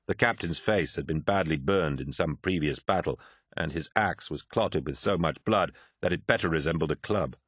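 This is a man narrating an audiobook from a script, his very low, deep voice slightly bright and husky. He reads gravely and at a measured pace, recorded close to the mic with a dry sound and no room around it.

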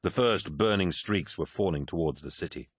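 Very deep-voiced male audiobook narrator. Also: moderate pace, breathy edge, no room sound, clean studio sound. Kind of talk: scripted narration.

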